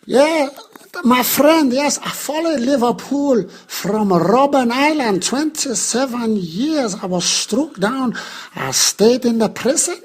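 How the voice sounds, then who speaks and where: A man doing a rambling old statesman, husky. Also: extremely high pitch, lively intonation, slow pace, pitched above the performer's own voice, heavily acted. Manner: rambling, drifts off topic. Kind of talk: comic impression on a fan podcast.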